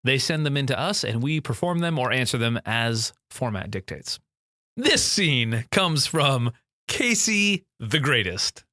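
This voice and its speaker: A man co-hosting a comedy podcast, rambling in a goofy, deliberately dim improv voice. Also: medium pitch, big pitch swings, sharp tone, no echo, studio quality. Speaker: podcast co-host.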